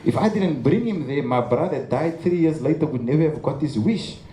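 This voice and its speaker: A man's voice: a little high, expressive, brisk, warm tone. Earnest Cape Town man, echoey hall. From South Africa. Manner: earnest storytelling with stammers. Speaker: memorial speaker. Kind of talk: memorial tribute speech. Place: large memorial venue. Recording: echoey hall with faint ambience.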